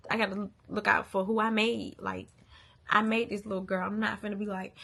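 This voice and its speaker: Talking straight to the camera at normal speed, this young mother has a gravelly, sharp, mid-range voice with a level tone. Her channel monologue is frank, casual venting, full of swearing and lines repeated to drive them home.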